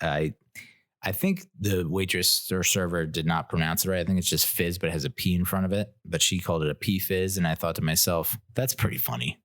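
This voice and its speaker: A man's voice: low-pitched, fairly bright tone, dry recording, clean studio sound. A man hosting his own podcast, telling a rambling, self-mocking story and laughing at his own jokes. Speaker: podcast host. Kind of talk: casual solo podcast storytelling.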